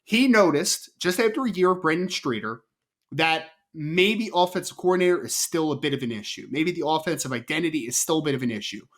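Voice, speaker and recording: Podcast co-host, male, slightly raised pitch, assured and quick, stumbles and self-corrects. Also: lively intonation, fairly bright tone. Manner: confident, rapid, corrects himself mid-sentence. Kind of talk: casual sports debate.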